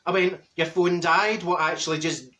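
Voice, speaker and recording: Casting: man as a mouthy middle-aged Glaswegian woman, high bright voice, blunt and mocking comedy monologue. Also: steady tone, normal speed. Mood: ranting. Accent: Glaswegian Scottish. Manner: gossipy, blunt, mocking asides. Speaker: comic character monologue.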